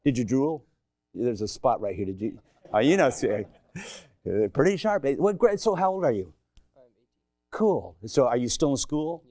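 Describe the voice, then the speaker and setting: A middle-aged man preaching a sermon in a church, swinging from shouted emphasis to hushed asides and joking with the congregation. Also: medium pitch, animated, measured pace, long pauses, no room sound. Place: church sanctuary.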